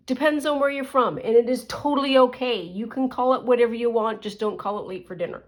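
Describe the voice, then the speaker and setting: A middle-aged woman from Canada, chatting casually in a rambling way full of asides while she works on a craft journal. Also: fairly high pitch. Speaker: crafting vlogger.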